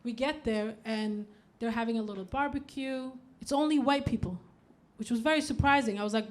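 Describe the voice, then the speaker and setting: A woman's voice: fairly high pitch, brisk. A woman in her thirties from Denmark, performing a stand-up set on a club stage and acting out the voices in her stories. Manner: animated storytelling, acting out quoted voices. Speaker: stand-up comedian. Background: faint audience laughter.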